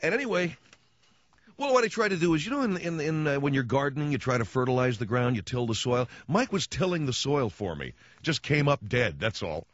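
A man's voice: medium pitch, animated, fairly quick, a bit bright, dry recording, highs cut off. A man hosting a radio talk show, telling stories in a wry, sarcastic way and acting out little quotes. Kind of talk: casual radio monologue. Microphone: studio microphone.

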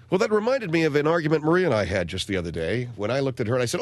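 A man hosting a radio talk show, telling rambling stories and acting out quotes in a higher voice before reading announcements. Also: sing-song, racing, hardly any pauses, slight background noise. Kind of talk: casual radio chat and announcements.

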